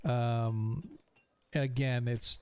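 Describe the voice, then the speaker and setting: A man's voice: mid-range voice, steady tone, drawn-out words, darkish tone, clear, resonant tone. A man narrating a tabletop game as game master, rambling with many fillers.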